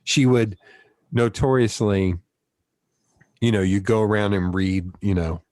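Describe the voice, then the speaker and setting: A Southern man hosts a relaxed conversational interview. His voice sits on the low side and sounds dry and close, and he drifts through long anecdotes with quick asides. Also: dry recording. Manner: rambling storyteller, quick asides. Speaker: podcast host.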